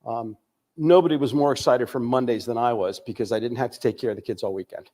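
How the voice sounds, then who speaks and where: An older American man with a medium-pitched, dark voice gives a candid recovery testimony. He tells his story with frequent pauses and fillers.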